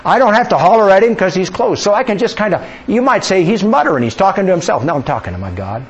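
Male pastor preaching in church, kinda high voice, slightly husky, asks the crowd lots of questions, dull old recording. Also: fast. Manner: animated, conversational preaching with rhetorical questions. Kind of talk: sermon. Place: church sanctuary.

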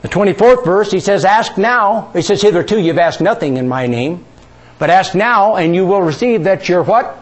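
A man's voice: lively intonation, normal speed. Call-and-response preaching man. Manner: questioning the congregation, drawing call-and-response; drops soft and low on key words. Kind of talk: sermon.

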